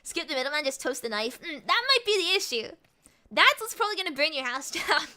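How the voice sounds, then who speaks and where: A young woman streaming and chatting with viewers, talking fast and giggling, with a mixed American and British accent. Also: high voice, big pitch swings, pushed and bright. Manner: rapid, giggly, repeats words. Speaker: VTuber streamer. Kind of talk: casual live-stream chat with viewers.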